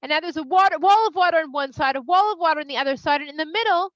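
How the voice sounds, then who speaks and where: A woman tells a children's story in a high, bright voice with lively, playful delivery. The recording is dry and a little muffled. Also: rapid-fire, dry recording. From Toronto, Canada. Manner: animated, expressive, playful asides. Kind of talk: storytelling for kids. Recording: slightly dull, dry sound.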